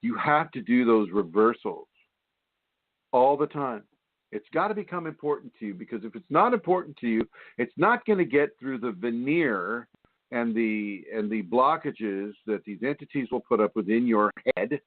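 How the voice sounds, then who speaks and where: A man's voice: medium pitch, lively intonation, normal speed, no room sound. A man hosting a spiritual radio show, talking in a rambling, repetitive, preachy way with many fillers. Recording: tinny phone line, dry.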